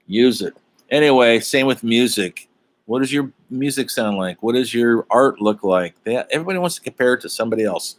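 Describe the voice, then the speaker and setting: Speaking fairly quickly with a medium pitch and lively intonation, a middle-aged man gives a loose online lecture for a college humanities course. He's chatty and rambling, constantly dropping fillers and wandering into side stories and asides.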